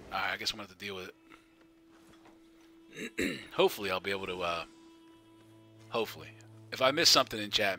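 A man's voice: sits low, pushed and bright. A man streaming a game live, chatting casually, greeting viewers by name and laughing often.

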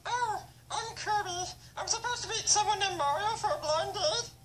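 A man's voice: very high-pitched, normal speed, a bit bright, a little hiss or hum. A man voicing a round, shy female creature on a blind date, speaking hesitantly and politely.

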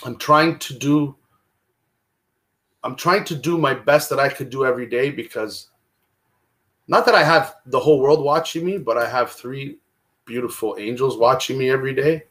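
A man talking on a video call about his past, emotional and repeating himself, swinging between loud bursts and hushed words. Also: mid-range voice, moderate pace, long pauses. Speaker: guest. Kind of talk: candid conversation about recovery.

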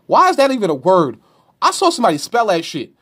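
A stand-up comedian from Brooklyn with a New York accent, ranting brashly with profanity and mocking questions. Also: male voice, sits high, huge pitch swings, fast, a bit bright, breathy edge. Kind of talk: comedic rant to camera.

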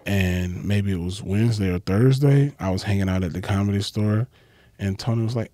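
A man, a comedian guest, telling stories in casual chat, profane and animated, acting out quotes with big leaps in his voice. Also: moderate pace, dry recording. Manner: profane, acts out quotes with big jumps in pitch.

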